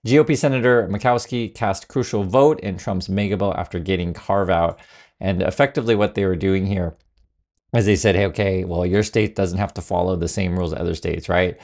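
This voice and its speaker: Male commentator, low gravelly voice, sarcastic, loose and halting. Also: a little mellow. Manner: sarcastic, many fillers and restarts. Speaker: political commentary host. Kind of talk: casual political commentary.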